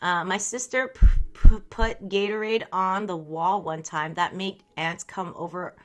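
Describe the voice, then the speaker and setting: A woman's voice: lowish voice, steady tone, unhurried. A young woman streaming live, chatting casually with viewers, reading their messages aloud and laughing often.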